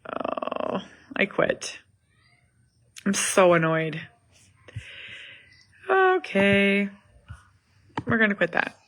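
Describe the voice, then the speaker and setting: A woman's voice: mid-range voice, big pitch swings, very slow, pauses often, a bit bright. A woman in her thirties talks through a family story at home in a loose, chatty vlog. She rambles, circles back and fills gaps with likes and ums. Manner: rambling, chatty, many fillers and asides. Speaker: vlogger, mother of an autistic son. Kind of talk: casual family vlog chat. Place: home in the evening.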